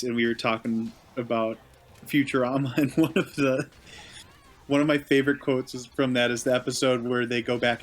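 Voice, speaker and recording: A young man chatting casually during a game, telling a funny story and laughing often as he goes. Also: mid-range voice. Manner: laughs while telling stories, relaxed. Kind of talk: casual chat while playing a video game.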